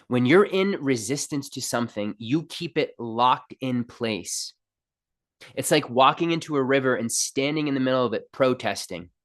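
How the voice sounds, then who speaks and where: A man hosting a spiritual self-help podcast, talking straight to the listener in an emphatic, playful way. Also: medium pitch. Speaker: podcast host and spiritual counselor. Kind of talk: motivational spiritual talk.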